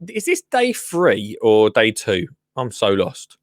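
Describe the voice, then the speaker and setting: A man's voice: lowish voice, wildly swooping pitch, slow, no echo, studio quality. A man hosting a podcast, casually commenting on a TV show with teasing, joking asides. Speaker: podcast host.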